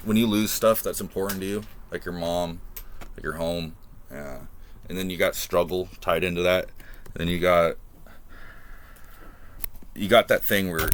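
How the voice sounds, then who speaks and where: A young man with a low, deep voice tells his life story straight to the camera. He talks casually and haltingly, often restarting sentences as he thinks back. Soft background noise sits under the recording. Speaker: vlogger.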